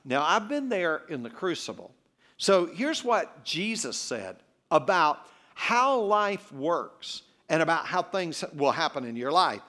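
A man delivers a sermon as a visiting preacher, weaving personal stories with humor. His voice sits a bit high and moves through a wide, lively range of pitch. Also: a little slow. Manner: animated, humorous storyteller. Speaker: guest preacher.

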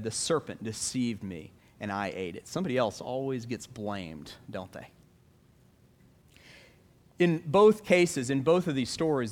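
Man preaching a sermon to a congregation. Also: on the high side. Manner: reads scripture aloud, asks the congregation rhetorical questions. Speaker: pastor.

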